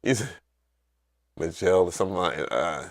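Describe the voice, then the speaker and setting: A man hosting a casual livestream, telling stories in an animated, profane way with loud excited outbursts. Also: low-pitched, moderate pace. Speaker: livestream host.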